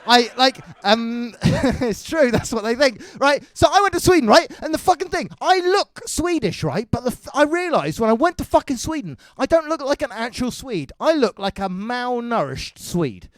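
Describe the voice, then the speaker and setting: High-voiced scattered English comedian. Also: male voice, very animated, no echo. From England. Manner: rapid, scattered, self-mocking, swears a lot. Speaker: stand-up comedian. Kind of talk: stand-up set. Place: comedy club stage.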